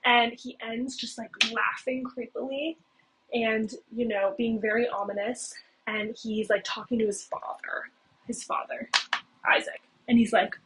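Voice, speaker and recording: Young woman host, slightly high voice, chatty recap delivery, noisy hissy home mic. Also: little pitch movement, measured pace. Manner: chatty, heavy use of "like" and "okay?". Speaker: video host. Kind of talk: casual plot recap. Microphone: cheap home mic. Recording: noisy low-quality home mic with clicks.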